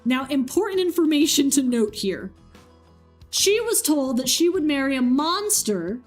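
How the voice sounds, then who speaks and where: Woman, streamer, casual storytelling, animated, swears freely, high pitch. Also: unhurried, faint music behind.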